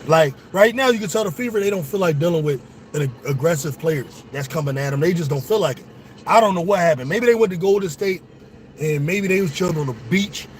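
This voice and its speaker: Excitable man calling a game live. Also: fairly high pitch, fast talker, a little hiss or hum. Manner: excitable, profane, talks straight to viewers. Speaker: sports show host. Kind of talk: casual live watch-along commentary.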